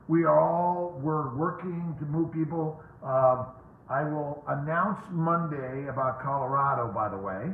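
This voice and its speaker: A man's voice: on the high side, measured pace, a little hiss or hum. A man hosting a casual live question-and-answer stream as a fertility doctor, greeting viewers by name and rambling with fillers. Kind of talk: casual livestream chat. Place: home. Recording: tinny phone-like audio, roomy echo.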